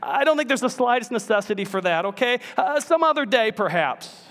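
A man's voice: extremely high pitch, animated, brisk, a bit bright, pitched above the performer's own voice. A man voicing a thin, frightened ghost-like man who stammers and pleads as he clings to his sin. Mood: panicked pleading. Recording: long church reverb.

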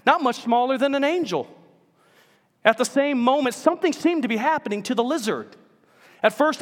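A male pastor preaching in a high, urgent voice, swinging from quiet storytelling to emphatic calls to his church. A long reverb fills the sanctuary around him. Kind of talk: sermon.

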